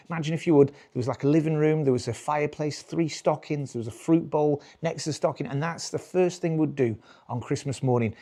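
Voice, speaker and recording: British male comedian in his forties, slightly high voice, rambling stand-up delivery. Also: mellow. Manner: rambling, self-interrupting, chuckling. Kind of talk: live stand-up.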